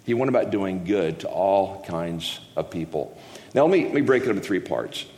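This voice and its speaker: A man's voice: deep voice, sing-song, moderate pace, a little mellow. A man preaching a casual, joking sermon to a congregation, rambling and interrupting himself with folksy asides. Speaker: guest preacher. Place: church hall. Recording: echoey hall, long reverb.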